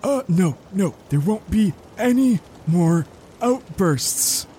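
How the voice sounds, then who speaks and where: Give me a slow, placating ship captain with a mellow, fairly high voice, as a man acts him out. He stays evasive and smooth in every answer. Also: expressive, a little hiss or hum. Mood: calm.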